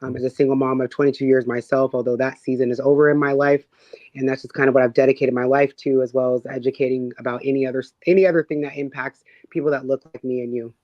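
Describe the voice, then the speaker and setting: Woman guest, hoarse and outspoken, dry dull lo-fi sound. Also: extremely low pitch, level tone, fast, no room sound. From Seattle, USA. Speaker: guest, advocacy founder. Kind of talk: casual interview chat. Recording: dull lo-fi audio.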